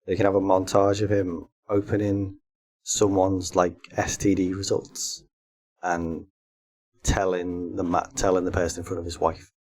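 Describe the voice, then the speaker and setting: A man co-hosting a casual podcast, his voice sitting fairly low. He reads out daft comedy pitches and keeps breaking into laughter. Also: little pitch movement, measured pace, darkish tone. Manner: pitches silly comedy film ideas, laughs often. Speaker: podcast co-host. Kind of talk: casual chat.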